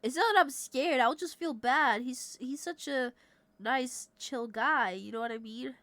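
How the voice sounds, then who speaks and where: A woman's voice: high-pitched, unhurried, fairly bright tone, dry recording. A young adult woman livestreamer chatting casually with her viewers at a desk mic. She laughs often and swears freely. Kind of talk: casual chat with stream viewers.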